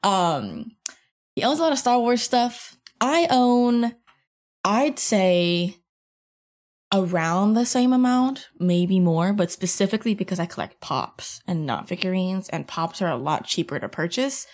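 A woman's voice: mid-range voice, lively intonation, unhurried, darkish tone. A woman hosting a casual podcast, chatty and giggly, sometimes searching for words. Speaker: podcast host. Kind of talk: casual chat.

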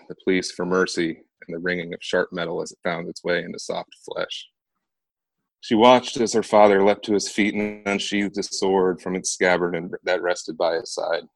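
Deep-voiced man narrating a dark fantasy. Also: no echo. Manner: earnest, dramatic reading. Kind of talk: audiobook-style narration of a fantasy novel.

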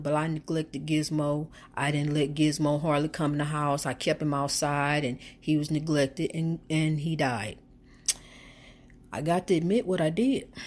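A middle-aged woman, telling a heartfelt personal story in a faith vlog, emotional and repetitive, sometimes preachy. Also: deep voice. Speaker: faith vlogger.

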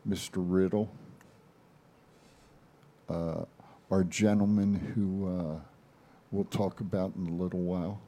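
A man's voice: sits low, steady tone, slow, long pauses, mellow. An older man on a wrestling chat podcast, talking in a blunt, folksy, emphatic way. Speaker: panelist nicknamed Chief.

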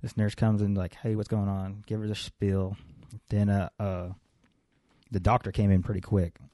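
A young man with a fairly low voice tells a rambling story, swearing often and acting out the people he met. The sound is close and dry, with no room echo. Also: normal speed. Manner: profane, animated storyteller acting out dialogue. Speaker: podcast co-host. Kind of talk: casual podcast chat, telling a story.

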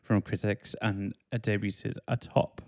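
A man's voice: fairly low pitch, level tone, unhurried, a little mellow. A man hosting a casual podcast chat, reading album facts aloud and laughing at clumsy wording. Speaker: podcast host.

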